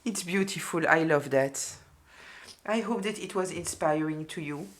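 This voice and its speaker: A woman giving a collective tarot reading, speaking haltingly with many fillers and repeated words, openly emotional. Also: sits low. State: moved, emotional. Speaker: tarot reader.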